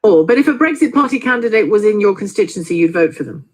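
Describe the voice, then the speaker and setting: Brisk, husky female radio host. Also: mid-range voice, expressive. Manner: probing, pushes back on the caller. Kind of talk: radio phone-in.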